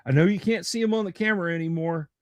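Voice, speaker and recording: A man's voice: high voice, fast talker, darkish tone, dry recording. A man hosting a casual live stream from a home studio, rambling and joking with viewers, with stammering restarts. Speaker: livestream host.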